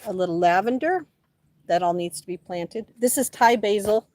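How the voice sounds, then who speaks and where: A woman's voice: medium pitch, normal speed, a little mellow. A woman livestreaming casual chat from her home garden, talking to her plants by name and filming on a handheld phone. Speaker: livestream host.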